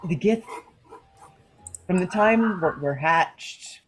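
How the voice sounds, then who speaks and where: A woman voicing a guarded githyanki warrior woman who speaks in halting, serious phrases. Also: fairly low pitch, lively intonation, soft background music. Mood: earnest.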